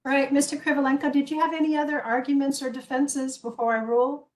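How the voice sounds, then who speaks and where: Firm, dryly measured woman judge. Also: high-pitched, little pitch movement. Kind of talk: presiding over a hearing.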